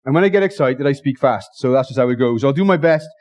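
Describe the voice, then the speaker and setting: A man preaching a sermon in church, excitable and jokey, often rushing and restarting his sentences. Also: mid-range voice. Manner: excitable, fast-talking, jokey.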